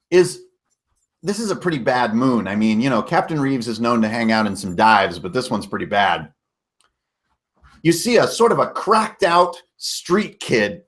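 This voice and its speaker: A man's voice: mid-range voice, a bit bright. A man narrating a tabletop game recap as game master, casual and storytelling, with self-corrections and mild swearing.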